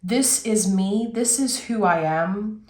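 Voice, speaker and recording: A woman's voice: medium pitch, takes it slowly, a little mellow. Woman tarot reader, frank and rambling delivery, roomy echo on the recording. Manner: earnest, rambling, frank talk. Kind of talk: casual spoken tarot reading.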